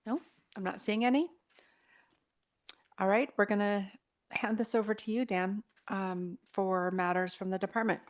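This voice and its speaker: A woman chairs a public board meeting with a casual, agreeable manner. She speaks at a middle pitch and leans on easy fillers. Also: fairly even intonation, moderate pace, pauses often. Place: city board meeting room.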